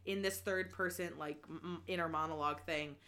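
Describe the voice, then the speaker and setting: A woman recapping a novel in casual chat, animated and laughing often, swearing freely and full of restarts. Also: low-pitched, fairly quick.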